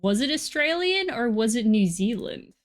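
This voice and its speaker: A woman's voice: on the high side, sing-song, moderate pace. Chatty woman game streamer. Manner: chatty, playful, with frequent repeated words. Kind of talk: casual chat with stream viewers.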